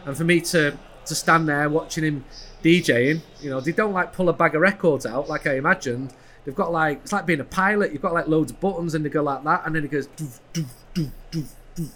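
A man's voice: a little high, fast talker, a bit bright. A man co-hosting a podcast, telling a story in a rambling, hesitant way. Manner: rambling, hesitant, full of restarts. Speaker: podcast co-host. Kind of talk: casual storytelling.

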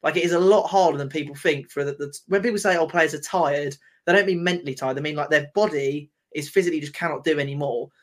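A man's voice: a little high, fast, hardly any pauses. A man, co-hosting a football podcast and talking in a heated, exasperated way, swearing freely. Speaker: podcast co-host. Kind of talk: casual football chat.

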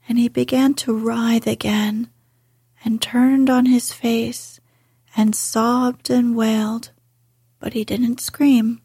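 A woman reading a classic story aloud in a soft, unhurried whisper. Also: on the high side, little pitch movement, breathy edge, no room sound, studio quality. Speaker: narrator.

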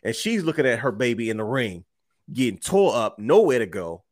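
Speaking at a moderate pace in a mid-range voice, a podcast co-host recounts wrestling matches on a laid-back show, animatedly performing the quotes. The studio recording is clean, without room sound.

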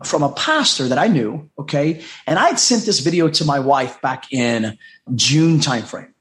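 With a sing-song lilt and a moderate pace, a middle-aged American life coach tells a personal story as a podcast guest. His voice is mid-range and a bit bright. The telling is earnest and heartfelt, with plenty of repetition and acted-out quotes.

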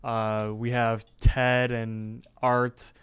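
A man's voice: medium pitch, level tone, drawn-out words, clear, resonant tone. A man co-hosting a podcast, casually recapping a cartoon episode with lots of fillers and restarts. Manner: rambling, many fillers and restarts. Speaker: podcast co-host.

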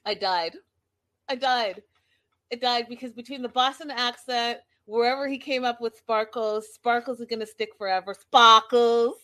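A woman in casual chat, retelling a story in an animated way with frequent laughter. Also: on the high side, moderate pace. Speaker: vlogger.

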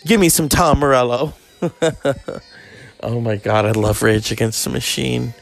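Gravelly, foul-mouthed ranting man in his forties. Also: a little slow, faint music behind. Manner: ranting, swearing, mocking others in high put-on voices. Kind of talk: profane rambling monologue.

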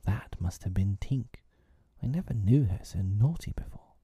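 A man voicing a boastful, cunning boy who never grows up, in a breathy, whispered role-play. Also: on the low side, expressive, moderate pace, dark tone, no room sound.

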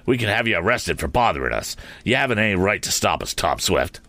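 A man's voice: low-pitched, very animated, a little fast, sharp tone, no echo, exaggerated voice. A man voicing a sneering, cowardly male thief in a spoken adventure story, whining and scornful by turns.

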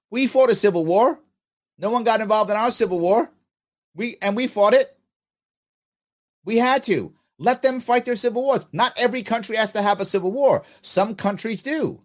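Animated, high-pitched man. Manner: animated, emphatic, repeats points for emphasis. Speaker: podcast host. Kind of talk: solo commentary responding to listener comments.

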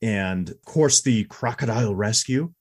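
A man's voice: on the low side, expressive, unhurried, a little mellow, husky. A man in his forties co-hosting a podcast, chatting candidly about an old movie and laughing easily. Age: 40s. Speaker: podcast co-host. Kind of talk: casual movie review chat.

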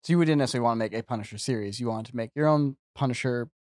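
A man hosting a podcast, chatting casually and briefly, easygoing and quick to laugh along. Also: mid-range voice, darkish tone, no echo. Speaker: podcast host. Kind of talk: casual chat.

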